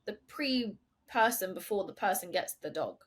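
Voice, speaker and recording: A woman hosting a podcast, chatting in an animated way with quick asides and dry sarcasm. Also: mid-range voice. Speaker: podcast host. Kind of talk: casual interview talk.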